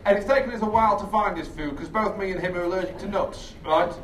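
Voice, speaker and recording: A man doing a rambling, sweary, self-mocking stand-up set on a theatre stage, with bursts of shrill shouted impressions. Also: fast. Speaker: stand-up comedian. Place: theatre stage with a laughing audience. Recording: echoey live room, distant, audience noise.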